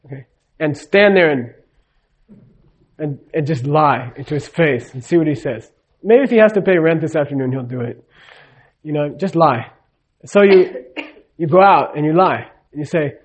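A spiritual teacher gives a live talk in a conversational way, checking in with his audience often and acting out the dialogue in his stories. His voice sits on the high side with a breathy edge, very animated at a moderate pace, on lo-fi sound.

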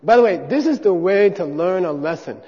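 High-voiced man teaching in a hall. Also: lively intonation, fairly quick, slightly rough. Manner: joking, drills syllables loudly for the class to repeat. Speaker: teacher of monastic debate. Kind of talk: hands-on class demonstration with call-and-response drills. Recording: dull recording in a reverberant hall.

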